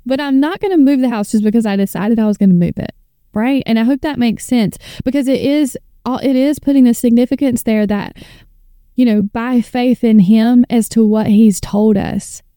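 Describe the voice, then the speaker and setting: Her voice is fairly high with a dark, clean tone, delivered at normal speed on a close mic without echo. A woman in her thirties who hosts a faith podcast and writes books, she reads scripture with earnest, fervent, preacher-style build-ups.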